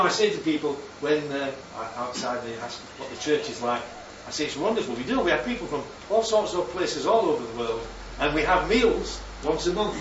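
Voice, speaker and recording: Lively northern preacher in an echoey church. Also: male voice, on the high side, noisy background. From northern England. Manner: chatty, jokey, asks the congregation questions. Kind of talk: sermon. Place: church hall. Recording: echoey church room, distant mic, dull sound.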